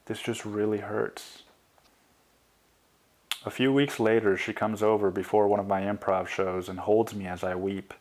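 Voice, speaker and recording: A man reading his own memoir as an audiobook, in a quiet, confessional tone. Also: lowish voice. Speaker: memoir author and narrator.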